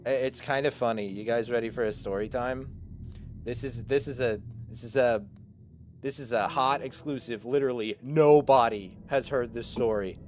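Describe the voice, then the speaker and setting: A man's voice: medium pitch, normal speed, darkish tone, a little hiss or hum. A man in his twenties, a streamer, chatting casually with his viewers and rambling through a self-deprecating story full of fillers.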